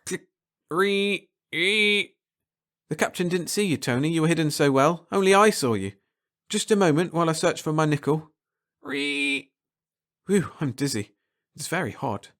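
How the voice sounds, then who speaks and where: A man narrating a first-person short story aloud, expressive and swinging from hushed to excited. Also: on the high side. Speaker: audiobook narrator.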